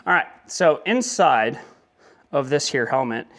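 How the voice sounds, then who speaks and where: A man's voice: medium pitch, big pitch swings, unhurried, a bit bright. Rambling, joking young man vlogging. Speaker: motovlogger. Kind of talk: casual vlog talk.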